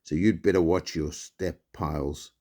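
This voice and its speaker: A man reading aloud and voicing a cheerful, food-loving chubby boy in a playful, gravelly voice. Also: low voice, fairly even intonation, measured pace, a little mellow.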